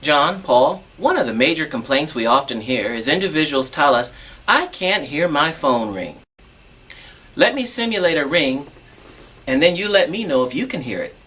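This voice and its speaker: A man's voice: on the high side, lively intonation, a little fast, a bit bright, husky. A man demonstrating assistive telephone equipment on a TV show, patient and instructive, walking through each step.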